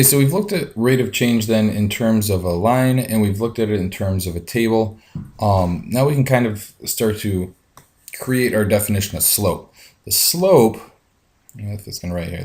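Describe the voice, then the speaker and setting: Male teacher, low and steady, walking students through math steps with plenty of ums. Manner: talks through each step aloud, frequent ums. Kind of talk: screencast lesson.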